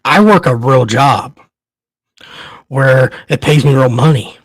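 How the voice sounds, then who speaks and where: A man's voice: medium pitch, slow, dry recording. Angry swearing man ranting. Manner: profane, heated, stammering. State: shaking with anger. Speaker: podcast host.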